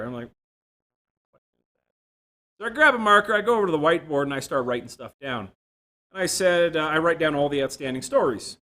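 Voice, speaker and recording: A man giving a software development talk, telling self-deprecating stories with jokes. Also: fairly high pitch, animated, fairly quick, long pauses. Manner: self-deprecating, jokey storytelling. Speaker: conference speaker. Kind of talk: tech talk with anecdotes. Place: room without a live audience.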